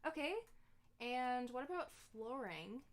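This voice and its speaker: A woman's voice: sits high, expressive, slow pace. A young woman giving casual commentary while playing a video game, chatty and giggly, often correcting herself mid-sentence. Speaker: gaming streamer.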